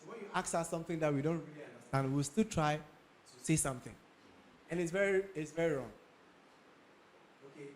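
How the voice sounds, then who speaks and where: A young man with a Ghanaian English accent talks to an audience about careers. His voice sits somewhat high, and he leans on repetition and quick checks with his listeners. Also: a little hiss or hum. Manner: emphatic, repeats key points, checks in with listeners. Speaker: speaker giving career advice. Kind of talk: talk to an audience.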